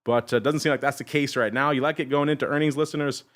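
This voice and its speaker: A man hosting a podcast, reading through a fast market rundown and talking to listeners in an upbeat, chatty way. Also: medium pitch, fairly even intonation, a bit bright. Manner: upbeat, addresses listeners, quick list reading. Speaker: podcast host. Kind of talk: rapid-fire market rundown.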